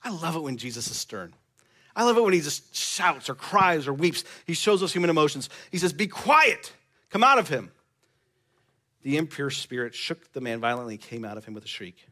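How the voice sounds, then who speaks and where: A man's voice: a little high, lively intonation, brisk, fairly bright tone. A male pastor preaching a sermon in a church, conversational and joking with the congregation.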